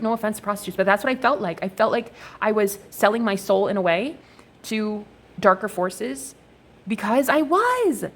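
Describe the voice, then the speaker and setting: A young woman talking to her viewers in a casual, rambling, profane monologue while reading oracle cards. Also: mid-range voice. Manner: profane, expressive, animated storytelling.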